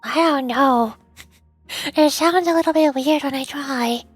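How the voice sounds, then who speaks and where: Chatty high-voiced young woman streamer. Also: unhurried, no echo, soft background music. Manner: chatty, rambling, self-deprecating. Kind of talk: casual chat between voice acting.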